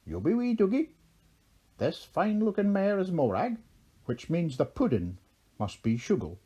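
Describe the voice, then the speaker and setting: A man's voice: sits high, wildly swooping pitch, normal speed, warm tone, husky, voice pushed up, full character voice. A man doing a cheeky Irish leprechaun. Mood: jovial. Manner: broad lilting brogue, mischievous. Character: small cheeky male leprechaun.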